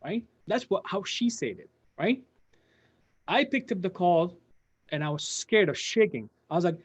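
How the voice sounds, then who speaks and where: A man's voice: high-pitched, animated, moderate pace. A man hosting a live stream, telling a personal story in a rambling way with many restarts and asides to viewers. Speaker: channel host telling his career story. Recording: dull lo-fi sound.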